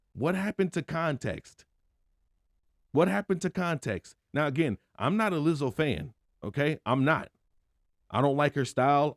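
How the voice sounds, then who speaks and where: A man's voice: mid-range voice, no room sound, studio quality. A man hosting a podcast, giving an opinionated solo monologue in an emphatic, conversational way, full of rhetorical questions. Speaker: podcast host.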